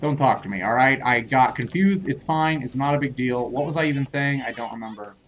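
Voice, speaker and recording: Speaking a little fast in a mid-range voice, a young male gamer offers let's play commentary on a shooter. His talk wanders and turns flustered, and he brushes off mistakes with laughter while jokingly chiding foes.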